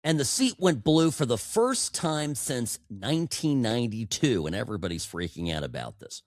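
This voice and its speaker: Animated sarcastic male podcast host. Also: medium pitch, normal speed, dry recording, clean studio sound. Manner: animated, sarcastic, stumbles and repeats words. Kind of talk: political talk show monologue. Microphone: studio microphone.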